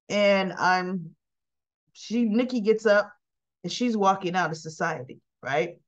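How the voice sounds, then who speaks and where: A woman with a fairly high voice retells soap opera scenes in a casual, chatty way. She acts out the characters' lines as she goes. The recording sounds dull and lo-fi. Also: slow pace. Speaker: soap opera recap host.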